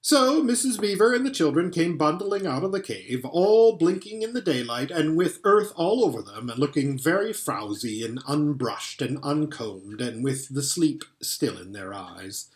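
A man reading a storybook aloud with a fairly high, very lively voice. He reads expressively, letting his pitch swing widely, and sometimes trips over a word and starts it again. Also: moderate pace, hardly any pauses. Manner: expressive, occasional stumbles and restarts. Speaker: audiobook reader.

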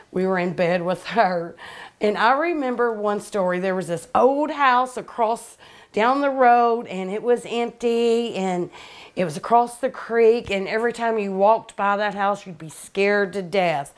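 A middle-aged woman, hosting a cooking show and chatting casually, repeating herself as she tells family stories. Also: mid-range voice. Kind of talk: casual storytelling to camera.

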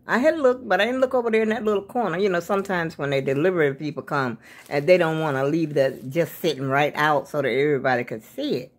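A woman in her seventies talks to her viewers in a loose, rambling, folksy chat and keeps calling them y'all. Her voice sits a little low for a woman. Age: 70s. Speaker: vlogger. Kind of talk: casual chat to camera.

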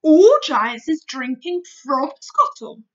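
A woman voicing a big friendly male giant who exclaims loudly and mangles his words, in a storybook reading. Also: high voice, very animated, slow, dull audio, voice pushed up, exaggerated voice. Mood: blustering. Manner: loud exclaiming, jumbled made-up words. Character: huge friendly male giant, boisterous, muddled grammar.

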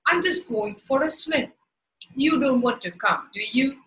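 A scheming storybook boy with a sly, coaxing way of talking, as a woman reads him aloud. His voice sits fairly high and moves slowly and carefully. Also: animated, fairly bright tone, roomy sound, poor audio. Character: clever, scheming young boy.

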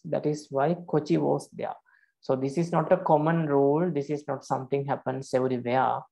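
Guy teaching a class, gravelly voice, mid pitch, slow and repeats stuff. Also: a little mellow. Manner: explains slowly, repeating terms. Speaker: Pali teacher. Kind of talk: online class lecture.

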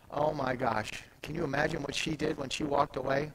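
A man preaching a sermon as pastor, animated and conversational, swinging from soft asides to loud emphatic peaks. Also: on the high side, brisk, gravelly, few pauses, slight background noise, poor audio. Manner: conversational, retells scripture in everyday speech.

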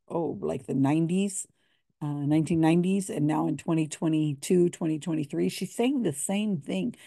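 A woman's voice: sits low, gravelly, warm tone, no echo, studio quality. A woman giving casual, sarcastic commentary with a skeptical edge. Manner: sarcastic, skeptical, laughs often. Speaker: commentator on psychic readings.

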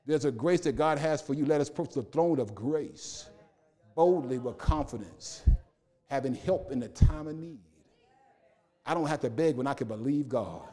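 A man's voice: mid-range voice, mellow. A male pastor a sermon in a rhythmic, repetitive style with humorous asides.

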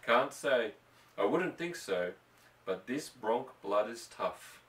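Gruff steady ranch husband, read by a guy, roomy and distant sounding. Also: medium pitch, takes it slowly. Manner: gruff and firm.

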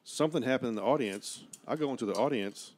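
A man's voice: mid-range voice, fast talker, breathy edge. A man with a West Virginian accent telling a comedy story in casual chat, cursing freely and acting out the voices of people in it. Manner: animated, profane, acts out voices in his stories. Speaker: stand-up comedian guest.

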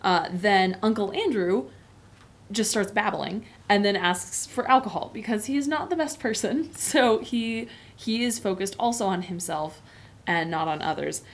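A woman's voice: medium pitch, unhurried. A woman in a casual, explanatory tone, teaching a lesson on a novel. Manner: explanatory and conversational. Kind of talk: book lesson.

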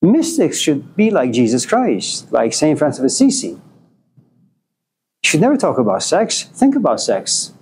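A man's voice: on the high side, huge pitch swings, normal speed, darkish tone, slightly rough. Wry joking male lecturer. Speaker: philosophy lecturer. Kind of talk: storytelling lecture to a class.

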